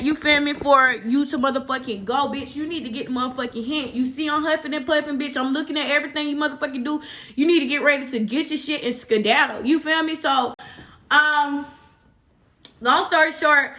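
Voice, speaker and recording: A woman's voice: high-pitched, a little fast, pushed and bright. A young woman vlogger telling a story in casual, profane chat, full of fillers.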